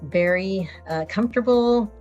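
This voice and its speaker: A woman's voice: mid-range voice, a little slow, darkish tone, muffled recording, soft background music. A woman with a Texas accent, a college library director, giving a brief, friendly orientation talk on a video call with a few hesitations.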